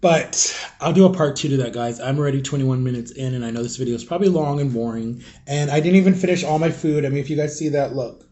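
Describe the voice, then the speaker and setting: A man's voice: medium pitch, quick pace, few pauses, dark tone. A young man vlogging and telling a personal story to his viewers in a rambling, confiding way, full of fillers. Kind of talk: casual storytelling vlog.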